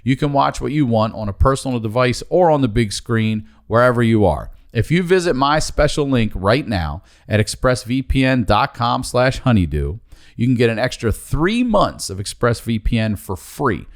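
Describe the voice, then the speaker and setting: A man hosting a podcast, reading an ad and chatting casually, laughing loudly along with his guest. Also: mid-range voice, expressive, normal speed. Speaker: podcast host. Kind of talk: casual podcast chat and ad read.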